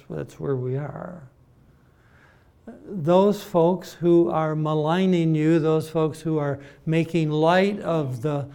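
Male preacher, unhurried, emphatic sermon delivery, a touch high-pitched. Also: mellow. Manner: deliberate, emphatic, with repeated words and mimicked voices.

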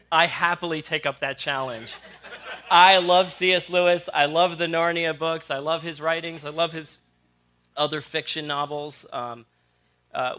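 A middle-aged man gives a sermon in a bright, forceful voice that sits a little high for a man. He retells a story with animation and acts out the characters' lines. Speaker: guest preacher.

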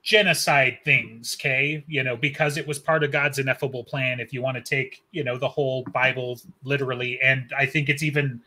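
A man's voice: mid-range voice, fairly even intonation, fairly quick, few pauses, sharp tone, slight background noise. A man co-hosting a podcast in casual chat, joking and rambling, fond of groan-worthy puns. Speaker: podcast co-host.

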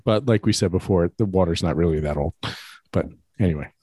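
A man co-hosting a casual podcast chat, playful and quick to joke. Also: deep voice, breathy edge, no room sound. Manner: playful, jokey, lively. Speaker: podcast co-host.

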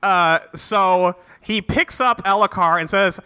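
A man's voice: high voice, unhurried, few pauses, sharp tone, smooth, no echo. A man co-hosting a podcast, retelling a book's plot in casual chat and tossing in crude, jokey voices for the characters. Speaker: podcast co-host. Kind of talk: casual book-club recap.

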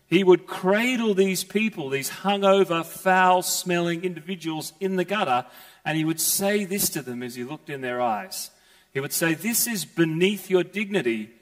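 A man's voice: sits high, normal speed. A man preaching a sermon as pastor, earnest and emphatic, often restarting his phrases. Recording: long hall reverb.

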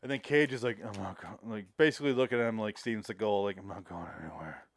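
A man talking casually about a movie, animated and profane, acting out scenes as he retells them. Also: lowish voice, quick pace, no room sound.

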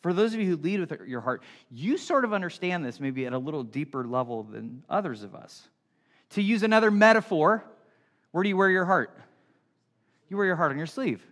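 A middle-aged man preaches from the pulpit in a lively, swooping voice that climbs high and drops low. His talk is animated and chatty, and he slips into quick acted-out asides to make a point. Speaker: pastor. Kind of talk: sermon.

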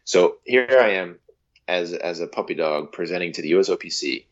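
A man in his thirties from the United States, a guest on an interview show, telling a story in a casual, lively way and acting out quotes. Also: sits low, fairly quick, lo-fi sound. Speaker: guest, handball athlete.

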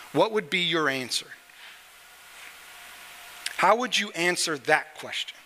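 A man's voice: high voice, bright, forceful tone, long reverb tail. A middle-aged man preaching a sermon from a church stage, talking conversationally and joking with the congregation. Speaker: pastor.

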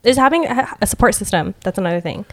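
A woman's voice: medium pitch, lively intonation, fast. A young adult woman chatting openly on a podcast and laughing often. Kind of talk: casual podcast chat.

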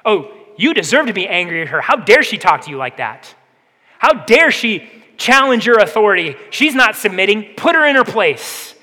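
A man preaching a sermon as pastor, firing off rhetorical questions and shifting between strong emphasis and soft, intense passages. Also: high-pitched. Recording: reverberant hall.

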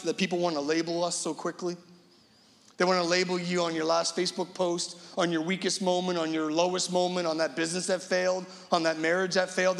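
A middle-aged man preaching a sermon as guest pastor, swinging between loud emphatic lines and hushed, low ones. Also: gravelly. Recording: long reverb of a large hall.

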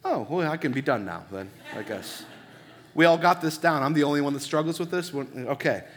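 A man's voice: fairly high pitch, fairly quick. Man preaching in a reverberant hall. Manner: conversational preaching with rhetorical questions. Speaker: pastor. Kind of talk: sermon. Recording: long reverb of a large hall.

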